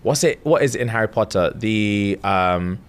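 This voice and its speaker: A man's voice: fairly low pitch, normal speed, clear, resonant tone. Young man retelling a story. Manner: animated retelling, acting out characters' lines with slang and swearing. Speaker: podcast co-host. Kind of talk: casual storytelling chat.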